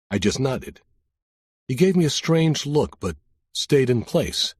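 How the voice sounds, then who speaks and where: A man's voice: mid-range voice, big pitch swings, a little slow, breathy edge, dry recording. A man narrating a crime audiobook in the first person, with a dry, wry storytelling manner.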